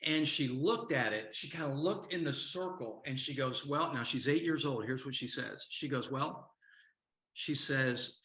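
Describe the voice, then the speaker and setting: Man coaching with a bright voice. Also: medium pitch, normal speed, reverberant. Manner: storytelling, asks the audience questions. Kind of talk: motivational talk to a men's group.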